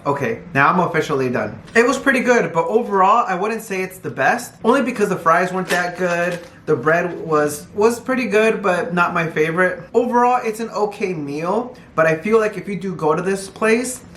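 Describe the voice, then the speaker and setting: A young man from California chatting casually to his phone camera in a hotel, animated and laughing often. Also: a little high. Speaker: vlogger. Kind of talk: casual vlog chat to camera.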